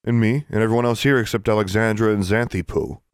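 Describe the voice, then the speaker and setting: A man's voice: lowish voice, steady tone, fairly quick, dry recording, clean studio sound, voice pushed up, lightly acted. A man doing a blunt bold schoolgirl.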